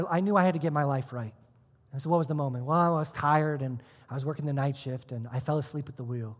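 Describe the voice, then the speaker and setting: A man pastor preaching a sermon, telling a personal story with sudden swings between hushed, almost whispered lines and loud, emphatic ones. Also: a little high, long reverb tail. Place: church auditorium.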